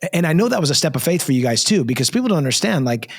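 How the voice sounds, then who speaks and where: A man's voice: on the high side, very animated, very fast, husky. A man, a pastor, hosting an interview, affirming his guest with many restarts. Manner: warm affirming, frequent restarts. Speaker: pastor host. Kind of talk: conversational interview. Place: church studio.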